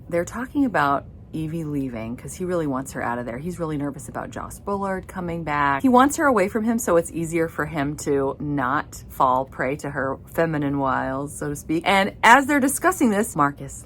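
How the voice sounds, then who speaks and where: Brief: deep-voiced woman in her thirties, casual home book vlogger, eager and giggly, faint background rumble. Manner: enthusiastic, laughing as she recaps. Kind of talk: casual reading vlog chat. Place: her home library and playroom area.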